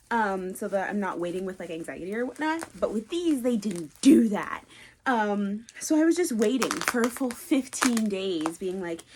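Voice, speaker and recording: A woman talking casually in a book unboxing vlog, gushing with excitement and often dropping to a breathy whisper. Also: mid-range voice. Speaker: book vlogger.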